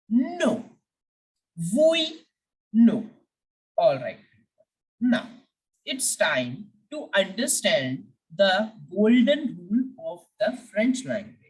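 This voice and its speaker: A woman teaching a beginner French lesson. She talks patiently, repeats herself and slows down to spell out French sounds. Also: mid-range voice, distant mic, low-quality recording.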